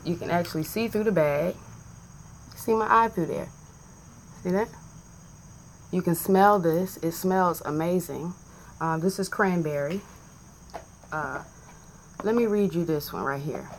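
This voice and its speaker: A woman's voice: on the low side, slight background noise. Profane, joking woman vlogger. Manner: animated, profane, joking, talks straight to camera. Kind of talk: casual chat.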